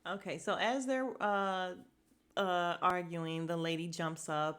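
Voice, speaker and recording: A woman hosting a casual podcast, recapping reality TV in an animated, gossipy way and laughing often. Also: lowish voice, slow pace, smooth. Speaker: podcast host.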